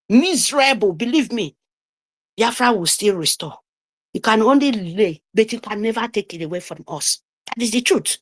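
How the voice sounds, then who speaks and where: Woman, middle-aged, fiery scolding speech, emphatic, repetitive, higher voice, very lively pitch. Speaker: speaker on a live audio call. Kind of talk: impassioned speech.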